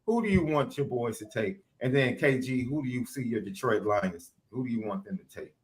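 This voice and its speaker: A man's voice: medium pitch, animated, brisk. A man hosting a sports podcast, needling his co-hosts and steering the chat with pointed questions.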